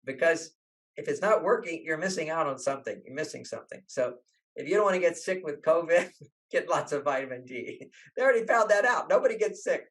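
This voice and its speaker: An older man talks with lively animation, slipping into the voices of the people in his stories. His voice sits a little high for a man. He speaks as an author guest in an interview. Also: brisk, poor audio. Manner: animated, acts out quoted voices. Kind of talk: storytelling interview talk.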